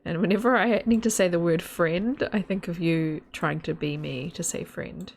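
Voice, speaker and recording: A woman's voice: on the low side, normal speed. A woman streaming a game, chatting in a rambling, giggly, casual way to her viewers and a friend. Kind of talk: casual live-stream chat while gaming.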